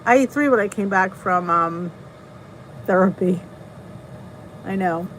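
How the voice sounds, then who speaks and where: A woman's voice: mid-range voice, a little slow, a bit bright, slight background noise, rough recording. A middle-aged woman with a New Jersey accent, hosting a casual live stream, chatting, greeting viewers and laughing at herself. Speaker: channel host reading live chat.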